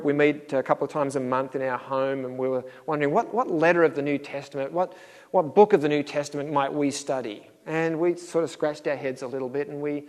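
A man's voice: on the high side, a little mellow, in a large hall. A middle-aged man preaching a sermon in a conversational way, acting out little dialogues with a chuckle. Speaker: pastor.

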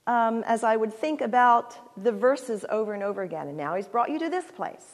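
A woman's voice: fairly high pitch, animated. Earnest older woman in a reverberant church. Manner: earnest and heartfelt, with halting restarts. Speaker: guest speaker at a church. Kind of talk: personal church talk closing in prayer. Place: church sanctuary. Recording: long reverb of a large church hall.

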